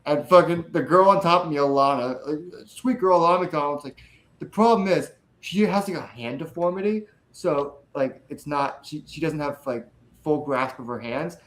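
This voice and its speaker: A man's voice: on the high side, moderate pace, fairly bright tone, rough recording. A man in casual podcast chat, telling rambling stories with lots of laughter and swearing.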